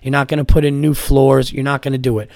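A man's voice: mid-range voice, flat delivery, fast, creaky, a little mellow, dry recording, studio quality. A man hosting his own podcast, chatting casually and telling stories, swearing freely and stumbling over repeated words. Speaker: podcast host. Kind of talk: casual solo podcast chat.

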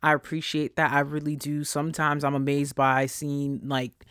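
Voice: monotone, moderate pace, a bit bright, smooth, no room sound. Solo podcast host, young adult, blunt sassy ranter with a mid-range voice, dry close sound. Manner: blunt, profane and sassy, with big swings in pitch. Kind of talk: casual ranting monologue.

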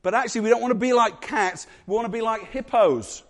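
A man preaching a sermon to his church, animated and jokey, acting out little voices. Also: high-pitched, brisk. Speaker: pastor.

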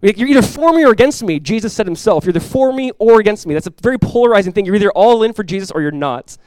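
A man preaching a sermon as pastor, emphatic, rising and swelling when he quotes scripture, with quick conversational asides. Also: high voice, lively intonation, a little mellow.

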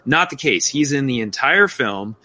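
Male podcast co-host, bright and forward voice, eager conversational film talk. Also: mid-range voice, animated. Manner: enthusiastic, quick asides, slips into quoted voices. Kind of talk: casual film review chat.

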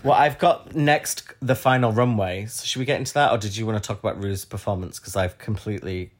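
Male podcast co-host, casual and wry, fairly low voice. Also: fairly quick. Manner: playful, wry quips. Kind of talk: casual chat.

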